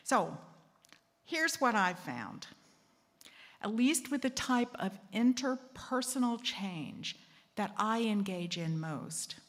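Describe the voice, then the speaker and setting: Woman, host, slow talk, self-deprecating, acts out quotes, hall reverb. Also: medium pitch, sing-song, a bit bright. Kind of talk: talk at a secular assembly.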